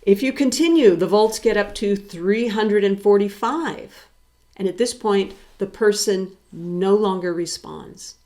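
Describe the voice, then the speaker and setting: A woman's voice: mid-range voice, unhurried, warm tone. A woman professor giving a recorded psychology lecture, explaining step by step and putting rhetorical questions to her students.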